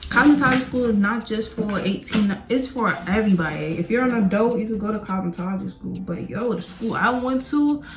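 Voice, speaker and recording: A young woman tells a storytime while doing her makeup. She rants and rambles, jumping from point to point in a casual, animated way. Her mid-range voice bounces around an echoey room. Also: medium pitch, fairly quick, hardly any pauses. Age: young adult. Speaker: beauty vlogger.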